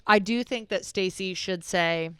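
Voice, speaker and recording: A woman's voice: mid-range voice, a little slow, clear, resonant tone, no echo, studio quality. A young woman co-hosting a podcast, jokey and playful as she gives confident advice. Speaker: podcast co-host. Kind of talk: casual chat.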